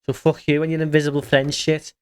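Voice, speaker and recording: A man's voice: on the high side, level tone, fast talker, a little hiss or hum. Blunt man chatting while gaming. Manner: blunt, swearing, reads chat aloud, chuckles often. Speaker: streamer. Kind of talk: casual livestream chat while gaming.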